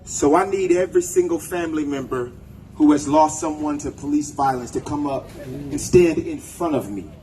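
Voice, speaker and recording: A man's voice: fairly high pitch, moderate pace, warm tone, slight background noise, low-quality recording. A man giving a raw, profane speech at an outdoor protest, leading the crowd in chants. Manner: angry, profane, leads chants. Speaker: protest speaker. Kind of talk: impassioned rally speech.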